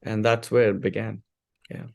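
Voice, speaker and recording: Low gravelly man from India. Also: normal speed. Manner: animated storyteller, many fillers and restarts. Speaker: guest. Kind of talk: casual interview storytelling.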